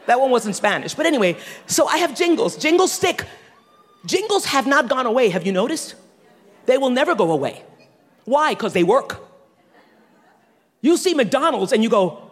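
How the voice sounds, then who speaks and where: A man preaching a sermon, animated, swinging between loud and hushed with quick asides. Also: extremely high pitch. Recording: long reverb of a large hall.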